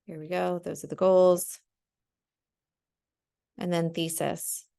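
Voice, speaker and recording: A woman's voice: on the low side, little pitch movement, takes it slowly, vocal fry, warm tone. A young woman teacher talking through an essay outline on screen, chatty and full of ums and "right?". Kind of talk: casual screen-share lesson.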